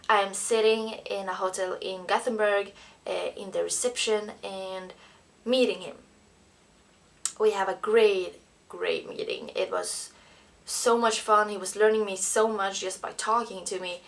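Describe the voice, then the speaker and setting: A young Swedish woman in her twenties tells a heartfelt personal story straight to camera in a vlog. Her English is slightly non-native and full of "uh" and "um". Her mid-pitched voice carries a noticeable gravelly fry. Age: 20s. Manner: emotional, earnest, non-native phrasing with frequent fillers. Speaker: vlogger. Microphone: camera mic.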